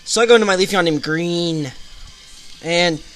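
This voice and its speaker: A man's voice: high voice, moderate pace, fairly bright tone. A man hosting a gaming channel, casually retelling a game battle move by move in a chatty play-by-play.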